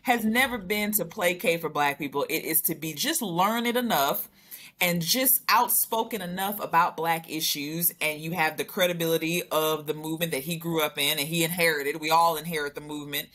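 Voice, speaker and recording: Lower-voiced earnest young woman. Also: fairly bright tone. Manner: earnest, measured, building to emphasis. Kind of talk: casual panel discussion.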